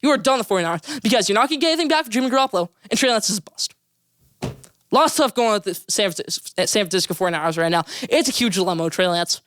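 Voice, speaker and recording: A young man hosting a solo sports podcast, giving rapid, emphatic, opinionated takes and repeating names for emphasis. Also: sits high, fairly bright tone, no echo.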